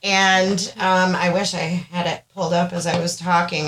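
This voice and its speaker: Animated woman telling a story. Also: on the low side, normal speed, slight background noise, rough recording. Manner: animated storyteller, laughs often. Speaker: podcast co-host. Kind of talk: casual chat.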